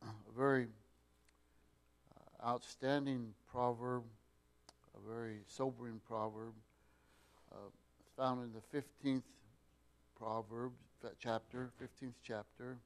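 Slow, deliberate male Bible teacher. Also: medium pitch, flat delivery. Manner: unhurried, with many fillers and restarts, rising loud for emphasis.

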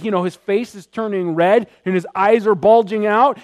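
A man's voice: high-pitched, moderate pace, few pauses, dry recording. Emphatic male preacher, dry hum. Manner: emphatic preaching, swelling louder in acted quotes. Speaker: pastor. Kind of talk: sermon.

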